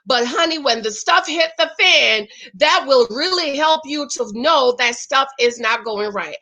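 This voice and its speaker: A woman's voice: high-pitched, a little slow, pushed and bright, low-quality recording. A woman hosting a casual reality TV recap, chatty and exclamatory, often calling her viewers child and honey.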